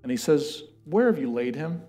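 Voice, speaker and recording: A man preaching a sermon and reading scripture aloud, swinging from loud declarations to hushed words. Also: on the high side, animated, normal speed, faint music behind.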